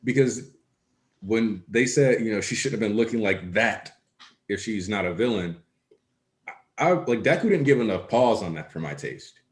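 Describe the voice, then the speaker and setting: A man hosting a casual chat, relaxed and joking as he rambles through a story. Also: fairly low pitch, normal speed. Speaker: podcast host. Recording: echoey room.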